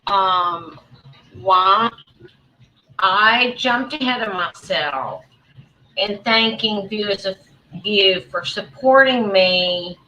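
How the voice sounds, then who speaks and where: A woman talks slowly to her livestream viewers in a bright, forward voice. She rambles, restarts her sentences and keeps circling back, sounding aggrieved and emotional while she greets people in the chat. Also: medium pitch, muffled recording. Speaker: livestream host. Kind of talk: casual livestream talk to viewers.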